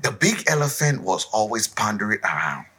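A man from West Africa, co-hosting a podcast in casual chat. His voice is husky and bright, and its pitch swings widely as he tells a tale. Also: moderate pace. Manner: animated storyteller, acts out voices and sounds. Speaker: podcast co-host.

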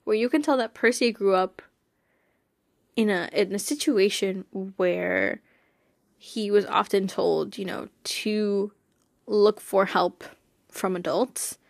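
A woman's voice: mid-range voice, takes it slowly, gravelly, no room sound, studio quality. A young woman hosting a podcast, chatting casually and enthusiastically, laughing often. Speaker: podcast host. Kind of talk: casual chat.

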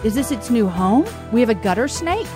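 A woman hosting a casual chat, telling a story in an animated, flustered way, often laughing. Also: a little high, fairly quick, over music. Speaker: podcast host. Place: log cabin home in the country.

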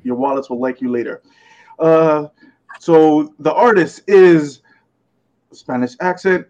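A man's voice: a little high, takes it slowly, long pauses, a little mellow. A man co-hosting a casual podcast, laughing often as he reads out comic book credits, sometimes stumbling over names. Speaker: podcast co-host presenting comics.

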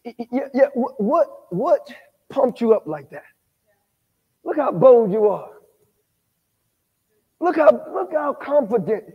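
A man preaching at a Bible study, animated, quizzing the congregation and rising to shouts. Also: high voice, big-room sound, muffled recording. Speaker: pastor. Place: church sanctuary.

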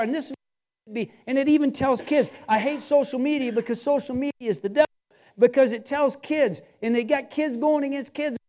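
A man's voice: very high voice, darkish tone. A man preaching a sermon as pastor, emphatic and repetitive, speaking straight to his listeners.

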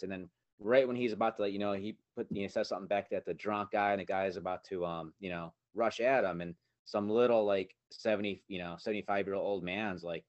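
A man co-hosting a podcast, telling stories in a relaxed way with many fillers. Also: fairly low pitch, fairly quick, no echo, highs cut off. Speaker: podcast co-host. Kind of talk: casual spiritual chat.

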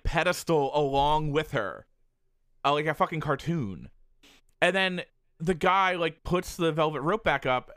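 A man's voice: fairly high pitch, clean tone, no room sound, clean studio sound. A man telling a long story in casual chat, swearing often and filling with "like". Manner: animated, profane, heavy use of "like".

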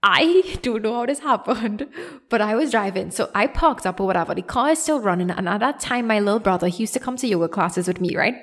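A young woman with a Trinidadian accent, hosting a podcast and telling a story in a casual, animated, self-deprecating way. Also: medium pitch, fast talker, few pauses. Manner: animated, self-deprecating, acts out quoted voices. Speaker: podcast host.

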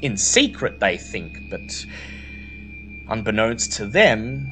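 A man narrating a tabletop role-playing game as game master, telling the story slowly and deliberately. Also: fairly low pitch, wildly swooping pitch, fairly bright tone, soft background music, rough recording.

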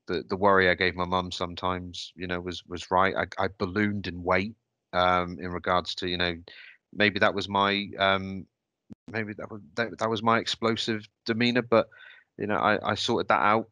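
A man's voice: low voice, little pitch movement, normal speed, sharp tone, no room sound. A man telling a personal story on a podcast, hesitant and reflective, often restarting his sentences. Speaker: podcast host.

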